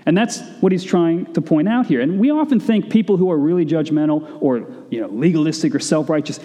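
Mellow-voiced male preacher in a reverberant hall. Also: fairly high pitch, lively intonation, a little fast, hardly any pauses. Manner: conversational preaching with asides. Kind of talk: sermon.

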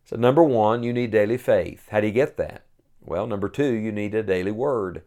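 A man's voice: mid-range voice, mellow. Earnest male preacher, emphatic sermon. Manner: earnest, emphatic, slows to stress key phrases.

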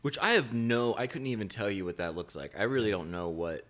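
A man's voice: lowish voice, expressive, a little fast, fairly bright tone. A man co-hosting a podcast, chiming in with short questions and remarks in a casual discussion. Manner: brief questions and interjections. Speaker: podcast co-host.

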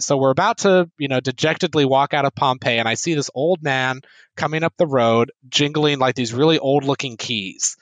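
An American man tells a travel story in a relaxed interview, jumping into quick bits of dialogue as he goes. His voice sits at an ordinary middle pitch. The recording is close and dry, with no room sound. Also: dry recording, rough recording. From United States. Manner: animated anecdote with laughs and quoted dialogue. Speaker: sword instructor and guest.

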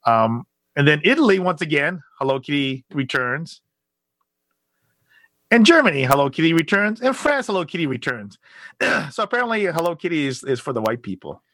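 A man co-hosting a podcast in casual chat, animated and rambling, full of fillers and restarts. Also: a little high, normal speed, no room sound. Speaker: podcast co-host.

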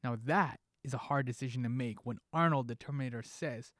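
A man hosting a podcast, delivering a scripted monologue with a playful, joking lilt. His voice sits in an ordinary middle pitch. The sound is close and dead dry, with no room around it. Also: a little fast, few pauses, fairly bright tone, no room sound. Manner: playful, jokey delivery with pop-culture asides. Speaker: podcast host.

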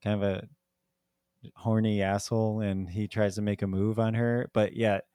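A man's voice: fairly low pitch, flat delivery, moderate pace, warm tone, clean tone, dry recording, clean studio sound. A man co-hosting a podcast, chatting casually about a movie, rambling with lots of "like" and frequent laughter. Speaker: podcast co-host. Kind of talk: casual movie review chat.

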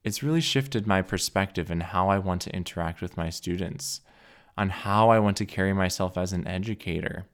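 A young man with a very low voice talks through a solo podcast episode. His delivery is earnest, heartfelt and measured. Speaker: podcast host. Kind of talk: reflective solo podcast monologue.

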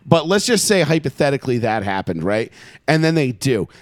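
A man in casual podcast chat, loose and profane and quick to joke. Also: medium pitch, sing-song, no echo, studio quality.

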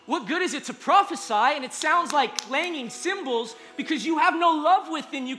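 Man, high voice, bright and forceful, casual earnest sermon, soft music underneath. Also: expressive, normal speed, few pauses. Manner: casual, earnest, conversational preaching with restarts. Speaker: pastor.

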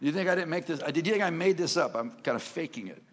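A man preaching a sermon and sharing his testimony in a church, joking as he tells stories and rising to loud, emphatic lines. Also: fairly high pitch, fast. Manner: animated, joking storyteller who rises to loud emphasis. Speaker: guest preacher. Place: church sanctuary. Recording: long reverb of a large church hall.

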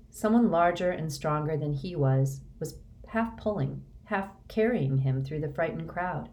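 A woman narrating an audiobook in a measured, even read. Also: low voice. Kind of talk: scripted narration.

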